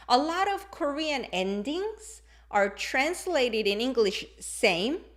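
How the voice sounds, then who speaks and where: A woman teaching a live-streamed lesson, her pitch bouncing up and down as she explains. She talks in a playful, expressive way and exaggerates her examples to make each point land. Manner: demonstrates intonation with exaggerated examples. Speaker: language teacher.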